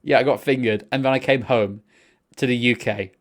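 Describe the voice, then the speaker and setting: A young man, co-hosting a podcast and telling a rambling, sweary story in casual chat. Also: moderate pace. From England. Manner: rambling, sweary storytelling with excited pitch jumps. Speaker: podcast co-host.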